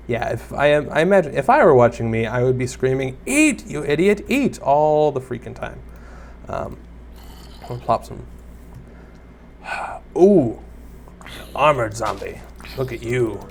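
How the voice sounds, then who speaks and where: A young man talks his way through a block-building game in a loose, rambling stream, often poking fun at himself and chatting with the creatures he meets. His voice sits at an ordinary middle pitch. A faint hum of ambient noise stays under the recording. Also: unhurried, vocal fry, pauses often. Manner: rambling, self-deprecating, talks to viewers and mobs. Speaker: gaming YouTuber. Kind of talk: casual Let's Play commentary.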